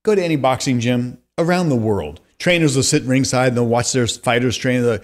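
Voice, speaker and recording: A man in his fifties from California, a podcast guest telling long animated stories and acting out the voices of people he quotes. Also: medium pitch, a little fast, hardly any pauses. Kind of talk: conversational storytelling.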